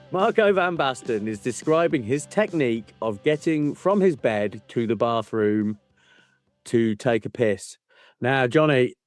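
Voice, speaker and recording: A man's voice: a little high, no room sound, clean studio sound. A man co-hosting a football book podcast, mocking and swearing as he laughs through the chat. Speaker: podcast co-host. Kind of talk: casual chat.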